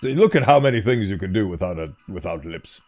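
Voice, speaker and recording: A man's voice: deep voice, animated, fast, a little mellow, soft background music. Playful chatty streamer guy. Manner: playful, chatty, laughs often. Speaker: streamer playing a game. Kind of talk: casual gameplay commentary.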